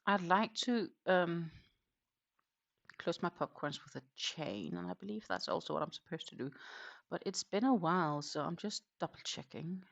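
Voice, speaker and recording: Crochet livestream host, creaky voice, relaxed hesitant chat, counting stitches softly. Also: mid-range voice, normal speed, dull audio. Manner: rambling and hesitant, many fillers, counts stitches under breath.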